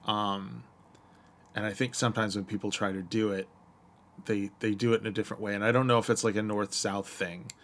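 Low-voiced man musing hesitantly. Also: flat delivery, a little fast, a bit bright. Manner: thoughtful, hesitant, searching for words. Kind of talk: casual chat.

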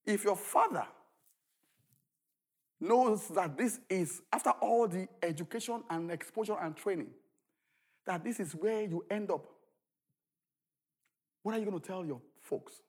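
A man preaching a sermon as pastor, shouting at the peaks and telling stories with a lively, swooping delivery. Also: high-pitched, measured pace, long pauses, slightly rough.

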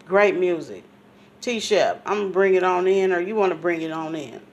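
A radio show host talking excitedly and hyped up with a guest artist and the listeners. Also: mid-range voice, moderate pace, lo-fi sound. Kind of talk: casual radio interview.

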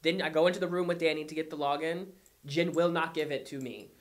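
A man's voice: on the high side, fast. A man telling an emotional story and acting out the people in it with heat. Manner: animated, heated retelling with voiced quotes.

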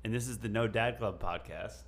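A man in his thirties co-hosting a podcast, telling stories in a casual, profane, animated way. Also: fairly low pitch, a little fast, gravelly. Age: 30s. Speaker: podcast co-host. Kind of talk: casual chat.

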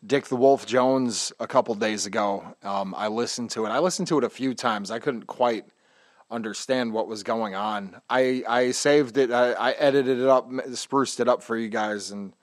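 A man's voice: medium pitch, normal speed. A man hosting a podcast in casual chat, laid-back and joking, with a lot of swearing. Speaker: podcast host.

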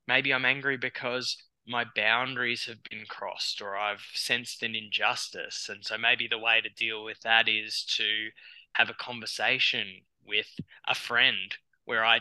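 A man with an Australian accent, a psychologist guest on a podcast, talking in a lively way with frequent restarts and acted-out quotes. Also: medium pitch, smooth, dry recording, rough recording. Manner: animated, acts out clients' inner voices, many restarts. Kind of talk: conversational podcast interview.

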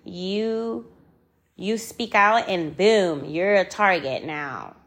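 An angry, frustrated woman speaking her mind in a personal vlog. She talks slowly and deliberately, with a gravelly, creaky edge to her mid-pitched voice. She hammers her points home by repeating phrases and swears freely. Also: fairly bright tone. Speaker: vlogger.

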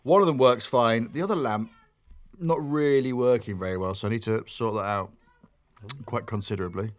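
A man in his twenties chats on a podcast and rambles from one story to the next. His sentences stop and restart, and his pitch sits in the middle range for a man. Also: moderate pace. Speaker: podcast co-host. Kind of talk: casual podcast chat.

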